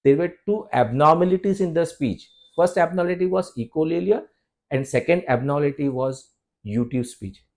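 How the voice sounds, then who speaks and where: A man's voice: fairly high pitch, moderate pace, darkish tone. A man, a homeopathy doctor giving an explanatory talk to viewers. He keeps calling them "friends" and asks questions so he can answer them.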